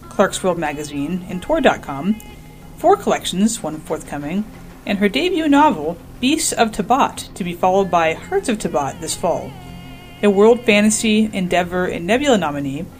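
Woman introducing a podcast story. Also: medium pitch. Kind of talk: scripted introduction.

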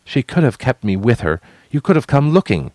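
A man's voice: fairly low pitch, very animated, normal speed, no echo, voice pushed up. A man voicing a fierce, angry young half-dragon woman who speaks harshly.

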